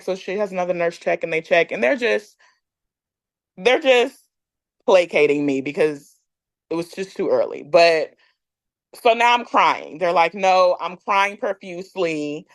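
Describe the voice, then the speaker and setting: A woman guest on a podcast telling a personal story in a candid, animated way, often laughing and using fillers. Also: lowish voice, a little slow, dry recording. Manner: candid, animated, acts out others' lines; frequent fillers, laughs between lines.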